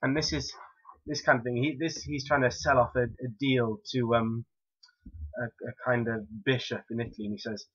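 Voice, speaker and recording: A man's voice: medium pitch, steady tone, moderate pace, a bit bright, husky. A young man with a Welsh accent, rambling casually through questions in an audio post, hesitant and full of fillers. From Wales. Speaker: audio blogger. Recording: dull lo-fi home recording.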